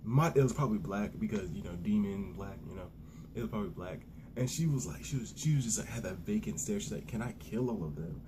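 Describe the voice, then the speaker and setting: A young man giving a casual, excitable and profane manga review, retelling scenes with lots of restarts. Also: lowish voice, fast talker, noisy background. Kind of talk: casual solo review rant.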